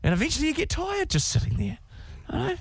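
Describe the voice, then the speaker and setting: A man's voice: very high voice, very animated, fast talker. A man with a New Zealand accent hosting breakfast radio, teasing and joking with his co-hosts and laughing often. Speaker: radio host. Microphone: studio mic.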